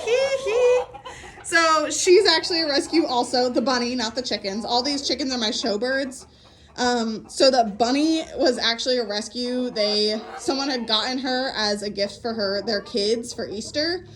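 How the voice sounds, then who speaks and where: A young woman giving a casual walking tour of her farm, chatty and upbeat, a little out of breath, filmed on a handheld phone. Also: a bit bright. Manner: chatty, upbeat, calls animals in a high voice. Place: outdoors on a farm and in a barn. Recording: faint outdoor background noise.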